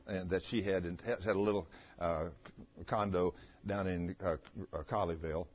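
A pastor, preaching and telling personal stories in a folksy, chatty way with stammering restarts. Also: male voice, low voice, moderate pace. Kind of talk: sermon with personal storytelling. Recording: muffled lo-fi recording.

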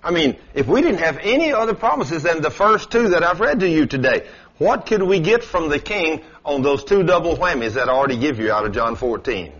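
A preacher man with a husky, slightly breathy voice delivers a folksy, storytelling sermon. His pitch leaps up and down animatedly, and the sound is dull and lo-fi, like an old radio broadcast. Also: very animated, fairly quick, a bit bright.

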